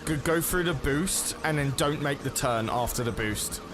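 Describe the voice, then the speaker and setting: A man's voice: mid-range voice, moderate pace, background noise. A young man streaming a racing game, chatting casually in a rambling, sweary way, often stopping and restarting his sentences. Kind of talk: casual chat while gaming.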